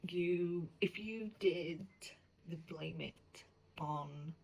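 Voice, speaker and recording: A woman's voice: on the low side, drawn-out words, vocal fry, rough recording. A woman book editor in a casual vlog who talks animatedly, swears freely and often drops into whispers. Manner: animated, profane, slips into whispers.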